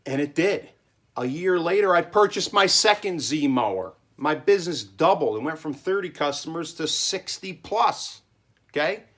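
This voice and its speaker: A man's voice: a little high, lively intonation, moderate pace, fairly bright tone. Emphatic man rambling in his cellar. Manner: emphatic, rambling, keeps checking in with "okay?". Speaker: small business owner giving advice. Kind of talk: casual monologue vlog. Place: home cellar.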